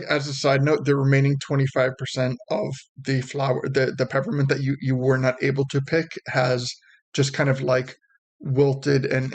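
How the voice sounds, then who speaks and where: A male game master narrates a tabletop role-playing scene at an unhurried pace. His voice carries a gravelly fry, and he halts and restarts often while he describes the world. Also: medium pitch. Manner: hesitant, halting, full of fillers and restarts.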